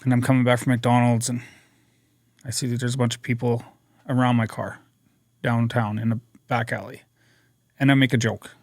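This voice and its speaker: A man telling his recovery story as a podcast guest, earnest and energetic, acting out what people said. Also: medium pitch, moderate pace, pauses often, dry recording, studio quality. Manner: energetic, earnest storyteller who acts out quotes. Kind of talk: personal storytelling interview.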